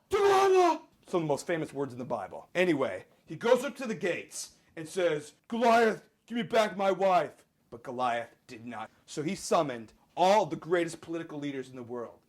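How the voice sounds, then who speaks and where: A man hosting and telling a Bible story for laughs, rambling with lots of "like" fillers and absurd asides. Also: fairly high pitch. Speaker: storyteller host.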